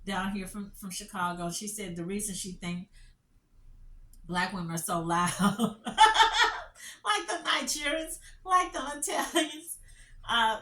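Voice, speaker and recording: A middle-aged woman talks through a commentary piece, reading each line slowly and answering it with loud disbelief. Her voice is bright and fairly high. She sounds set back from the mic in a roomy, echoing space. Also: a little hiss or hum. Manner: dramatic, incredulous reactions, slow emphatic reading. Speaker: commentary channel host. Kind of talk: casual commentary, reading and reacting. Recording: echoey room, voice from a distance.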